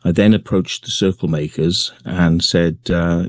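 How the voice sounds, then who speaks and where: A man being interviewed, talking in a relaxed way with many pauses and fillers. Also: sits low, dry recording. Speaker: guest, crop circle maker. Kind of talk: remote interview.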